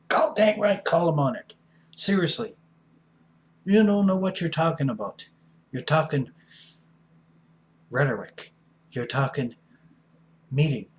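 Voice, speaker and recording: A middle-aged man talks slowly about recovery, blunt and folksy like an addiction counselor preaching to his peers. He leans hard on certain words and keeps a plain, mid-range voice. A faint hum runs under the recording. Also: medium pitch. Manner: blunt, folksy, preachy with sudden loud emphasis. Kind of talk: motivational recovery talk.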